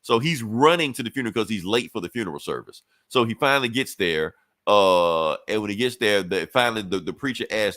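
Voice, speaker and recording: A man co-hosting a podcast who tells a story in a casual, animated way and swears freely. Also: lowish voice, quick pace, no room sound. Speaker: podcast co-host. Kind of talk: casual podcast chat, retelling a comic.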